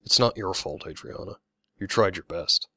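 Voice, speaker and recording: A man's voice: low voice, moderate pace, sharp tone, no room sound, heavily acted. A man voicing a blunt, sardonic young man in an audiobook, offhand and dry.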